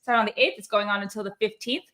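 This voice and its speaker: A woman's voice: mid-range voice, steady tone, quick pace, a bit bright. A woman hosting a casual online call, chatty, with frequent laughs and trailing fillers. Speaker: host. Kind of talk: casual livestream chat.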